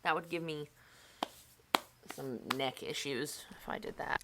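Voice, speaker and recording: Low-voiced chatty young woman vlogging. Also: fairly even intonation, unhurried, long pauses, very noisy. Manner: chatty, self-mocking, upbeat. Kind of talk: casual chat while crafting.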